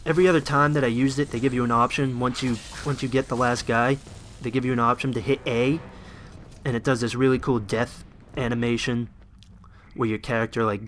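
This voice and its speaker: A man's voice: mid-range voice, a bit bright, slight background noise. A young man giving casual, rambling commentary over his gameplay, enthusiastic and full of fillers, shivering a little from the cold.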